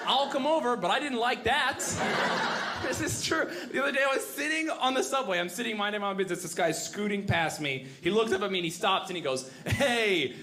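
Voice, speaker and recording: Very high-voiced male comic, dry tales. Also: fast talker, bright, forceful tone, a little hiss or hum. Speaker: stand-up comedian. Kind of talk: stand-up storytelling.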